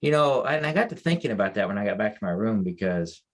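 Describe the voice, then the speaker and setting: A man's voice: lowish voice, expressive, fast talker. A man on a veterans' podcast telling a story in a casual, rambling way, full of restarts and moved by emotion. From United States. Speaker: podcast co-host, mental health advocate.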